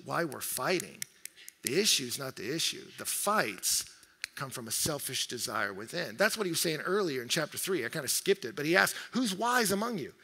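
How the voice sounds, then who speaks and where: A male pastor preaches with a very bright, forceful voice that sits a little high for a man. He delivers the sermon in an animated way, acting out quick quoted voices. His voice rings with the long reverb of a large church hall. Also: gravelly, breathy edge.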